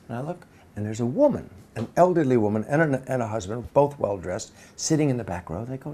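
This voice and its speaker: A man's voice: mid-range voice, fairly quick, few pauses, a little hiss or hum. A man animatedly telling an anecdote in an interview, acting out the people he quotes. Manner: lively storytelling, acting out quotes.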